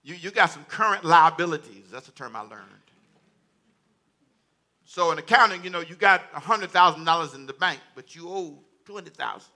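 A man's voice: on the high side, expressive, normal speed, pushed and bright. A male pastor preaching a sermon in church to a congregation, with folksy, repetitive phrasing and call-and-response.

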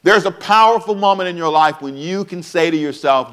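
A pastor delivers a sermon, repeating rhetorical questions, swinging from hushed to loud, and urging the congregation to respond. His voice is fairly high-pitched and clean, and he speaks fairly quickly.

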